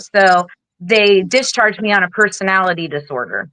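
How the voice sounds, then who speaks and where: Woman in her 40s, veteran guest in an interview; bright, tense voice, blunt and animated, swears casually, acts out quotes. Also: mid-range voice, moderate pace, dry recording, low-quality recording. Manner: animated, acts out other people's lines. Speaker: guest, Air Force veteran.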